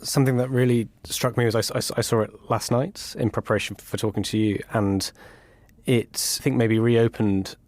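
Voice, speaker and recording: A man's voice: medium pitch, steady tone, normal speed, a little mellow, dry recording. A man hosting a podcast, thoughtfully talking with a guest and restarting his sentences often. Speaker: podcast host. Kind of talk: conversational interview.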